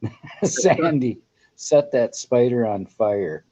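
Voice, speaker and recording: A man's voice: medium pitch, lively intonation, takes it slowly, dark tone. A man hosting a casual livestream chat, joking with viewers and laughing often. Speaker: host. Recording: dull lo-fi stream audio with faint noise.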